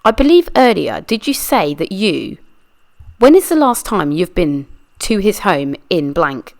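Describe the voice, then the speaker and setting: A woman reads a deposition a little slowly, her lowish voice swinging widely in pitch, with vocal fry and an exaggerated delivery. She's a true crime channel reader voicing a persistent adult lawyer who questions a witness in a methodical, pressing way.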